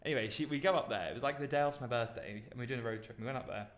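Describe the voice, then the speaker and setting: A young man with a British accent co-hosts a casual podcast, spinning rambling anecdotes full of fillers. His voice sits at an ordinary pitch. The recording carries a noticeable roomy echo. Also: rapid-fire. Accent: British English. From Britain. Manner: rambling storyteller with many fillers. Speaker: podcast co-host. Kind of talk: casual chat.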